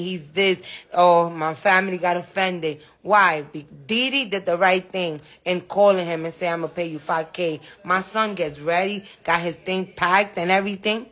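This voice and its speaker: A woman's voice: on the low side, fairly bright tone. A woman being interviewed about her son, speaking with emotion, bluntly, and with plenty of swearing. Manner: blunt, outspoken, swears freely. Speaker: interviewee, mother of a rapper.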